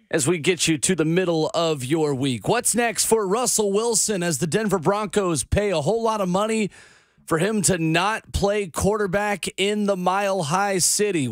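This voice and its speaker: Male sports radio host, high voice, brisk upbeat rundown, dry close mic. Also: no echo. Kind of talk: sports talk radio hosting.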